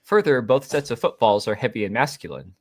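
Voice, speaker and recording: A man reading an android who plays a prim detective, with crisp, clipped deductive delivery at a live table read. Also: medium pitch, lively intonation, a little fast, close to an everyday voice. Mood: deducing.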